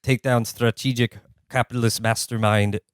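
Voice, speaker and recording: A man's voice: mid-range voice, steady tone, moderate pace, clean tone, no echo, studio quality, close to an everyday voice. A man putting on a solemn male official with stilted, broken English. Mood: mock solemn.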